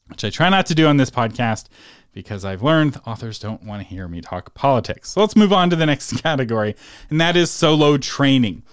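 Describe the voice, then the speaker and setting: Man, podcast host, solo teaching episode, conversational with fillers, mid pitch, dry sound. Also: clean tone, dry recording. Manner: conversational, frequent fillers and self-corrections.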